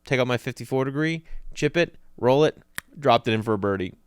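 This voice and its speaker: Animated male comedian telling stories. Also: mid-range voice, fairly quick, clean tone, no echo, clean studio sound. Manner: animated storyteller, acts out voices in anecdotes. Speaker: comedian, podcast co-host. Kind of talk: casual comedic storytelling.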